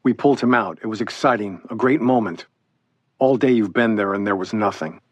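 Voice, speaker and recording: A man reads a first-person witness account for an audiobook in a subdued way. His voice is on the low side, and the recording sounds dull and lo-fi but dry. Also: a little fast, no echo. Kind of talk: oral history audiobook reading.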